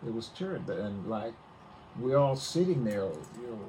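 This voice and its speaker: A man's voice: mid-range voice, sing-song, a crowd in the background, low-quality recording. An older man from Mississippi, telling stories unhurriedly as a guest in an interview. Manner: unhurried, vivid storyteller. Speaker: musician guest. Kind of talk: storytelling interview.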